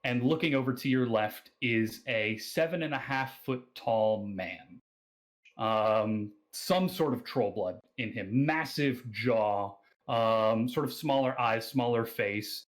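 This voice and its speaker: A man's voice: mid-range voice, slow pace, low-quality recording. Hesitant Australian man narrating a game. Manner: hesitant, many fillers and restarts. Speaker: game master.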